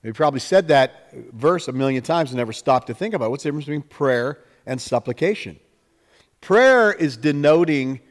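A man's voice: on the high side, expressive, brisk, in a large hall. A man preaching a sermon in a fervent, conversational way, acting out prayers in his own voice. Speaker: pastor.

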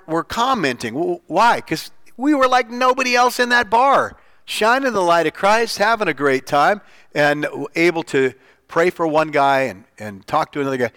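A man preaching an informal sermon, telling stories, his voice leaping up when he gets excited and falling soft and low for earnest points. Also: normal speed, no echo. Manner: animated, jumps up in pitch for quoted lines. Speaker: pastor.

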